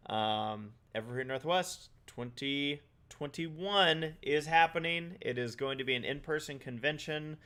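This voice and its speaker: A man's voice: on the high side, measured pace, few pauses, bright, forceful tone. A man co-hosting a podcast in casual chat, rambling and laughing often. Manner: rambling, laughs often, eating while talking. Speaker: podcast co-host.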